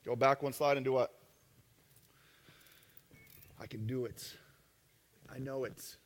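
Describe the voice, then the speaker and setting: A man giving a live marketing seminar talk to an audience, joking and brash, tossing quick asides to the crowd. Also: medium pitch, steady tone, big-room sound. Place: event room with an audience.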